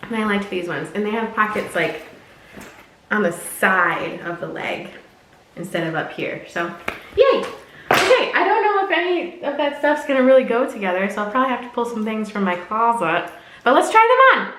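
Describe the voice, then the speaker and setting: A woman's voice: on the high side, big pitch swings, moderate pace, bright, forceful tone. A young woman chatting casually as she unboxes clothes for her vlog, bubbly and prone to tangents. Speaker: fashion vlogger. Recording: echoey room.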